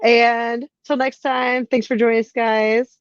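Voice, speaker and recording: A woman's voice: a little high, flat delivery, measured pace, clean tone, dry recording. A woman podcast co-host, bubbly and laughing often, signing off the show. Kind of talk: casual podcast chat. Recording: slightly dull lo-fi sound.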